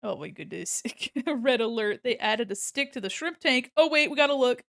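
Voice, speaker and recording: American girl streaming her art, kinda high voice, rambly and giggly, dry close mic. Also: lively intonation, normal speed, gravelly, no echo. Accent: neutral General American. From United States. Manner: chatty and rambling, laughs often, greets viewers brightly. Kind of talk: casual live-stream chat while drawing.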